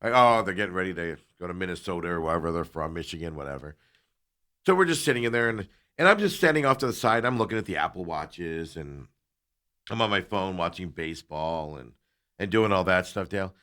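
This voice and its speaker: A man's voice: low voice, brisk, clear, resonant tone. A man hosting a talk show, telling a long story in casual chat and acting out both sides of each exchange. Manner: animated, acts out both sides of the dialogue.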